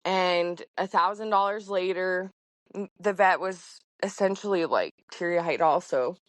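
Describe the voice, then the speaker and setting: A woman farmer appears as a podcast guest, chatting casually and from the heart with lots of fillers. Her voice is lowish and unhurried, and there's no echo.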